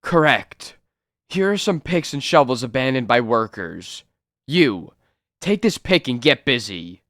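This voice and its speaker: Guy reading out a firm no-nonsense comic hero, slow and steady, dry close sound. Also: mid-range voice, dry recording. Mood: stern. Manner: firm and commanding. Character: stern strong male hero disguised as a miner. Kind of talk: comic book read-aloud.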